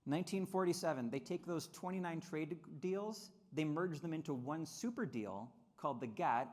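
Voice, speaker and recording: A man giving a lively convention speech on trade history, often repeating words and acting out quotes in mocking voices. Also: a little high, moderate pace. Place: convention hall.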